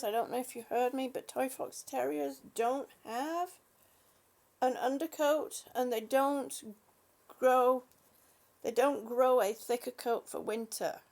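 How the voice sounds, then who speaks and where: A woman talking casually to her small dog as she dresses it, coaxing and affectionate, often quiet and laughing. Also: high voice, fairly even intonation, slow pace, long pauses. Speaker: vlogger.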